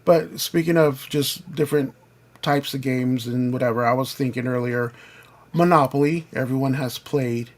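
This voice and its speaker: A man's voice: medium pitch, normal speed. A man hosting a casual gaming chat, joking and putting questions to his co-hosts. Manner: joking, asks the others questions. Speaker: host.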